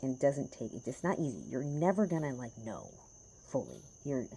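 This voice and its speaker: A woman's voice: extremely low pitch, huge pitch swings, moderate pace, mellow, slight background noise. A woman who reads tarot, talking to her viewers in a passionate, rambling and profane way, at home in a small house in the woods. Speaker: tarot reader. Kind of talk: casual vlog talk to viewers.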